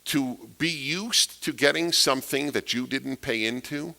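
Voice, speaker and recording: An emphatic man in a lecture, his voice bright and forceful. He presses his points with rhetorical questions and repeated phrases, pitched in an ordinary middle range. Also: unhurried, creaky. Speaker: speaker giving a talk. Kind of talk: political lecture to an audience.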